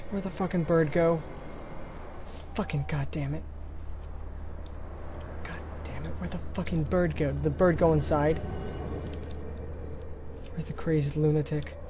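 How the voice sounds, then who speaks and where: A man's voice: fairly high pitch, noisy background. A man commentating a horror game, jittery and swearing, often dropping to scared whispers. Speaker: let's play gamer.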